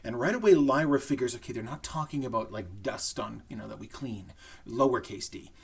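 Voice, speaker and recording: A middle-aged man, a high school English teacher giving a recorded lesson to his students in a conversational way, often checking in with "right?". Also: brisk, vocal fry, slightly rough. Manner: conversational, with frequent "right?" check-ins and restarts.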